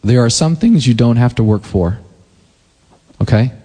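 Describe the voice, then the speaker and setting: A man preaching a sermon in a loose, conversational way, retelling scripture with quick voiced quotes and growing emphatic. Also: mid-range voice, animated, warm tone, husky. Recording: long hall reverb.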